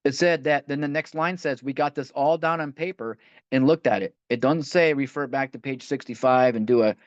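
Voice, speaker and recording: A man with a medium-pitched voice and a moderate pace leads a line-by-line recovery book study, with no echo. He talks conversationally, often restarting phrases as he reads passages aloud, and the lo-fi audio sounds dull and dry.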